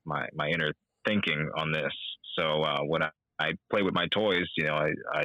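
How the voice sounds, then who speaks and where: A young man, a voice actor guest on an interview podcast, talking in an animated way and slipping into character voices. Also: a bass voice, moderate pace, no echo, dull audio. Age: young adult. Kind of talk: casual interview.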